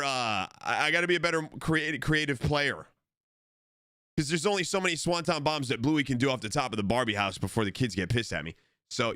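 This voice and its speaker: Bright-voiced, rambling man streamer. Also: fairly high pitch, clear, resonant tone, dry recording, clean studio sound. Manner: rambling, swearing, shouts out to chat. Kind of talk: casual live-stream chat. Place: home streaming setup. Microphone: desk microphone.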